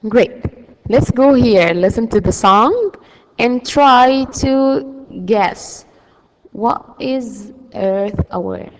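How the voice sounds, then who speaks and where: Slow-speaking woman teaching a class. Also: fairly high pitch, a little hiss or hum, poor audio. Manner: slow, explaining patiently with many fillers. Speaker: English teacher. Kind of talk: classroom lesson.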